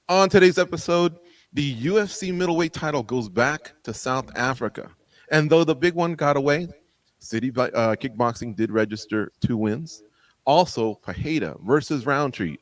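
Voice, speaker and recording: A man hosting a sports roundtable, upbeat and playful as he introduces the panel and the topics. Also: medium pitch. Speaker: host. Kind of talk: show host introduction.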